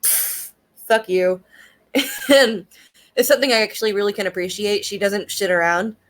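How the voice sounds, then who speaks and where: A woman's voice: medium pitch, brisk. A young woman casually reviewing an anime, talking in a chatty, profane way and filling her sentences with "like" and "um.". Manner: chatty and profane, with frequent fillers and laughs.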